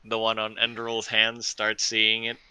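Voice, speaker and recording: A man narrating as game master of a tabletop role-playing game, describing scenes calmly. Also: lowish voice, moderate pace, smooth, no echo, low-quality recording. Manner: calm descriptive narration with fillers.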